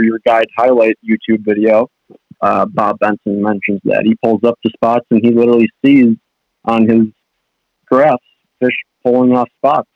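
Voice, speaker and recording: A man's voice: lowish voice, creaky, dry recording. A young man, a fishing guide and guest, talking casually in a rambling way with many restarts. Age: young adult. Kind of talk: casual podcast chat. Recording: dull dry podcast audio.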